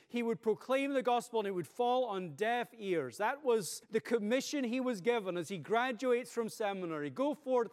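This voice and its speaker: Male pastor, high voice, earnest teaching sermon, long hall reverb. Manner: earnest teaching with frequent "right?" checks. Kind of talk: expository sermon.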